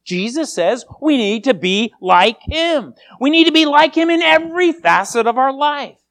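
A preacher giving a sermon, telling a story with animated delivery and often repeating the first word of a line. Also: high-pitched, normal speed. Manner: animated storytelling, repeats words when starting lines.

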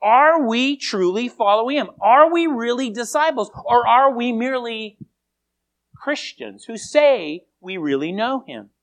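A preacher giving a sermon, telling a story with animated delivery and often repeating the first word of a line. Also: medium pitch, a little slow. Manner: animated storytelling, repeats words when starting lines.

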